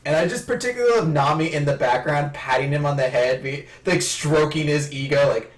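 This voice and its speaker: Lively man heard from a roomy distance. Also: a little high, moderate pace. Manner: amused, quoting characters in playful voices. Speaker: podcast co-host. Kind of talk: casual manga recap chat.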